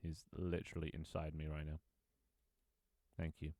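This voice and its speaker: A man with a very low voice chats loosely over a multiplayer game, teasing other players and breaking into chuckles. The sound is dry and close, with no room around it. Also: monotone, normal speed, warm tone, no echo. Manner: playful, joking, chuckles often. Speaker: gaming streamer. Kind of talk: casual gameplay chat.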